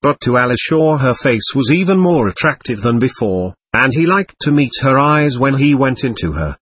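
A man reads a classic novel aloud in a measured storytelling voice that rises and falls with a lot of expression. His tone is slightly husky, and the audiobook recording is dry and close, with no room sound. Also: mid-range voice, very animated, a bit bright, dry recording. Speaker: audiobook narrator. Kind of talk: scripted narration.

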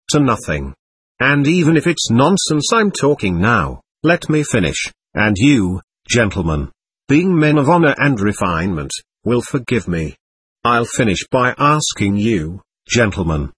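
A man voicing an excitable, proud nobleman under police questioning, talking on and on in a defiant way. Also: mid-range voice, breathy edge, no room sound, exaggerated voice. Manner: voluble, defiant, laughing nervously.

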